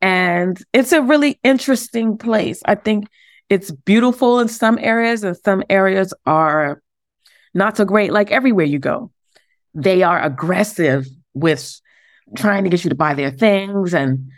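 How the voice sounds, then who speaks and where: A woman's voice: medium pitch, a little slow, no room sound, studio quality. A woman, chatting candidly as a podcast guest in an easygoing, self-deprecating way. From the Bronx, New York. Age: late 30s. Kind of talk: casual interview chat.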